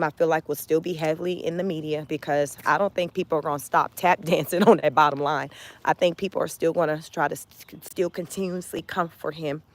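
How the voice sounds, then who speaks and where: Walking outside with her phone camera, a vlogger with a lowish voice delivers casual commentary. She's animated and emphatic, leaning on rhetorical questions.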